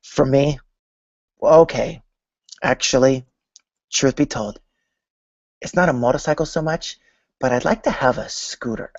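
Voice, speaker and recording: A man's voice: mid-range voice, unhurried, pauses often, dry recording. A man giving a motivational talk on manifesting, telling little stories and acting out imagined conversations. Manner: storytelling, acting out imagined dialogues. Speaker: spiritual vlogger. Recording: dry, dull lo-fi sound.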